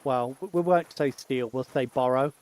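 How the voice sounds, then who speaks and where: A man's voice: mid-range voice, normal speed, darkish tone. A man streaming a game, joking and chatting to himself as he plays. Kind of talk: casual gaming commentary.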